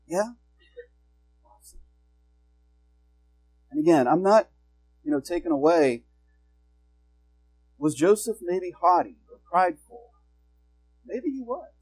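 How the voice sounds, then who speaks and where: A man's voice: high voice, darkish tone, poor audio. A male pastor preaching a sermon in an earnest, exhorting way, asking his congregation questions.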